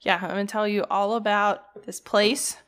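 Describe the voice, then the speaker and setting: A tired woman with a Southern accent co-hosts a casual podcast, reading facts while swearing, joking, and stumbling over names. Her mid-range voice is smooth and fairly bright, level in tone at a moderate pace.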